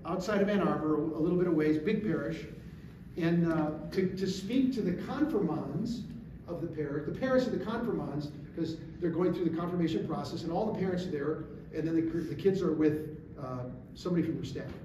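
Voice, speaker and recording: A middle-aged man speaking to a gathering, an animated storyteller who drives his points home with emphatic rhetorical questions. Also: a little high, fairly quick. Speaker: guest speaker. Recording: echoey room, distant mic, faint hiss.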